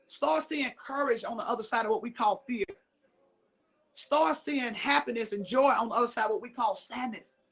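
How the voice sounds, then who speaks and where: A woman's voice: a little high, normal speed, gravelly, a bit bright, slightly rough. A middle-aged woman from Mississippi giving a motivational talk, emphatic, repeating her key lines and throwing questions at the audience. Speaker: motivational speaker.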